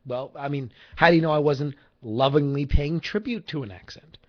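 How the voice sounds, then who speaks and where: A man's voice: a little high, normal speed. A man hosting a casual livestream, rambling, swearing freely and joking with viewers in chat. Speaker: livestream host. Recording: lo-fi livestream audio.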